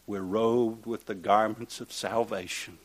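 A man preaching a sermon, reading scripture aloud and asking rhetorical questions, rising to loud emphatic peaks and dropping to quiet asides. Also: lowish voice, steady tone, measured pace. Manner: reads scripture aloud in King James wording.

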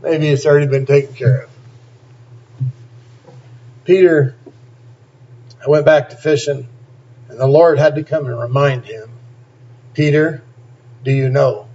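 A man's voice: a little high, steady tone, measured pace, long pauses, warm tone. Man preaching, dull lo-fi recording. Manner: reads scripture aloud and breaks in with plain, emphatic asides. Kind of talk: sermon.

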